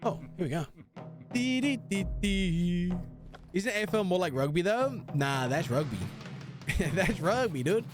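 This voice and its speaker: In a high, sing-song voice at a normal pace, a young man chats through his gaming livestream. His talk is rambling and full of jokes, and he keeps humming and singing along to the music.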